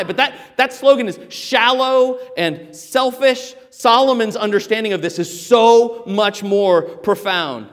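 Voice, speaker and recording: High-voiced emphatic male preacher. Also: normal speed, few pauses, in a large hall. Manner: emphatic preaching with sudden loud exhortations. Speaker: pastor. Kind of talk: sermon.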